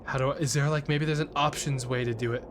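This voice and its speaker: A man streaming a video game, reading the game text aloud with deadpan, jokey asides. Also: mid-range voice, quick pace, noisy background. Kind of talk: casual let's play commentary.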